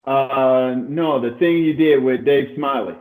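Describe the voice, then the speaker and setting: A man's voice: medium pitch, slow pace, phone-quality sound. A man in a conversational discussion who pushes back with pointed, challenging questions.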